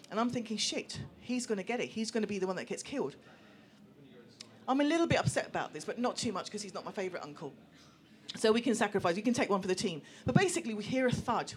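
A woman telling a personal story to a live audience, lively and acting out voices of other people. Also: mid-range voice. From England. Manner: animated, acts out voices, laughs through the telling. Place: small venue room with an audience.

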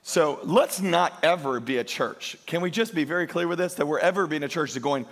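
A man preaching a sermon as pastor, emphatic, slowing and lifting his voice on key lines. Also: on the high side, sing-song, vocal fry, fairly bright tone. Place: church.

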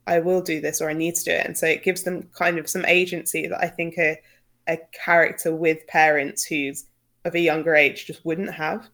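A woman with a British accent co-hosting a casual book podcast, talking in a relaxed, thoughtful way with frequent "like" fillers. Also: sits low, moderate pace.

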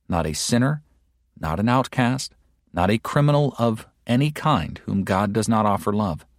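A man delivering a sermon in a slow, deliberate and emphatic way, with stern rebuking asides. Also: on the low side, no room sound, clean studio sound. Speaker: preacher. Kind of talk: sermon read aloud.

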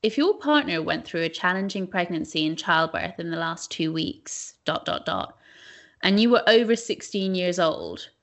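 A young woman co-hosting a podcast, telling stories in a chatty, animated way with many fillers. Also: on the low side, moderate pace. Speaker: podcast co-host. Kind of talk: casual chat.

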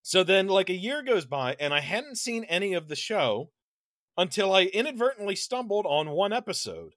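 A man's voice: high voice, sing-song, normal speed, fairly bright tone, no room sound, studio quality. A man co-hosting a podcast, telling a long, rambling story in casual chat, laughing mid-sentence and swearing casually. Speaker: podcast co-host.

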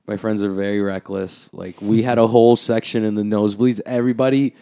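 A man's voice: on the low side, fairly even intonation, fairly quick, vocal fry, dark tone. A young man on a podcast, telling a story in casual chat, rambling and swearing a lot and saying "like" constantly. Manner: rambling, profane, full of "like".

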